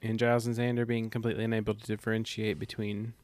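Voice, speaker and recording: A man's voice: lowish voice, completely flat delivery, racing, darkish tone, no echo. A man co-hosting a podcast, chiming in with brief casual remarks. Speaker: podcast co-host. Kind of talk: casual chat.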